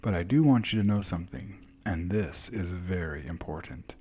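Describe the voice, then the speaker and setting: A man voicing a gentle, wise older woman mentor who speaks softly and reassuringly, at times dropping to a near whisper. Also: sits low, animated, normal speed, breathy edge. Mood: soothing.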